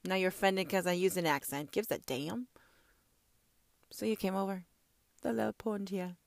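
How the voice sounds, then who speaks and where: A woman's voice: mid-range voice, steady tone, normal speed, vocal fry, dry recording. Profane ranting woman preacher. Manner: profane, swings from shouting to whispering. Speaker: self-styled prophetess. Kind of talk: ranting monologue.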